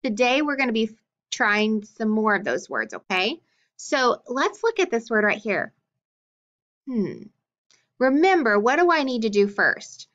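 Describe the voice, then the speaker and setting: A woman's voice: fairly high pitch, sing-song, a little slow, a bit bright. A woman teaching a phonics lesson to young children, patient and encouraging as she walks through letters and sounds. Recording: dull lo-fi recording.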